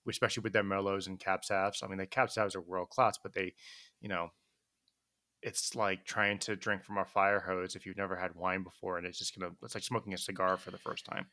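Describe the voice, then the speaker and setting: A man's voice: low-pitched, level tone, a little fast, pushed and bright, no room sound, clean studio sound. A man from California co-hosting a podcast, telling chatty anecdotes in casual conversation. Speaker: podcast co-host. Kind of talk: casual chat.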